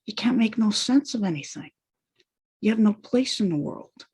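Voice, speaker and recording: In a mid-range voice with lively intonation, a moderate pace and a slightly mellow, breathy edge, a woman delivers a monologue of personal testimony. Raw, pained and repetitive, she recounts her painful story through long trailing lists of hurts.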